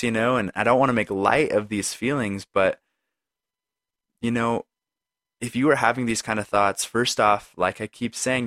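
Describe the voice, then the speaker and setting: A man's voice: lowish voice, moderate pace, fairly bright tone, dry recording, clean studio sound. A man hosting a solo podcast, talking earnestly and conversationally straight to the listener. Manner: conversational, with frequent "right?" and "like". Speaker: podcast host. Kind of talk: reflective solo podcast talk.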